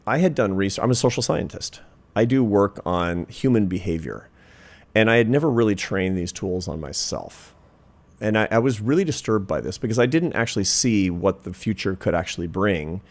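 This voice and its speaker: A man's voice: on the low side, expressive, moderate pace. A man in his fifties, a social scientist, telling a personal story in an interview, earnest and reflective, building to emphatic points. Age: 50s.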